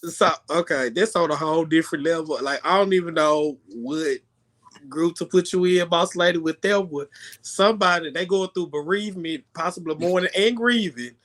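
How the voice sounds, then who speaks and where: A man's voice: fairly high pitch, moderate pace, fairly bright tone. A man co-hosting a casual chat show, talking emphatically with slang. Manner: emphatic, slangy, laughs a lot. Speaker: co-host.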